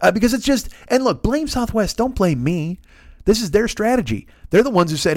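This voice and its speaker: A man's voice: sits high, animated, fairly quick, a little mellow, no echo, studio quality. A man, a comedian hosting a podcast, ranting casually and profanely while acting out quotes.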